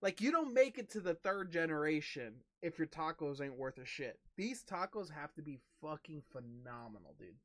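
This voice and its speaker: A man hosting a card-opening livestream, chatting loosely and excitedly and swearing often. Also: on the high side, normal speed, few pauses, no room sound, clean studio sound. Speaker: card-breaking livestream host. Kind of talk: casual stream chat.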